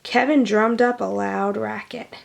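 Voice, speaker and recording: A woman reading a children's picture book aloud, pausing to explain words for children. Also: medium pitch, fairly even intonation, vocal fry, slight background noise. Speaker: storybook reader.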